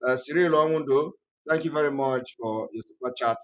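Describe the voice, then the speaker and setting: A man hosting an online channel, delivering emphatic, repetitive political commentary that rises to loud outbursts. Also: medium pitch, fairly quick. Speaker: online TV host.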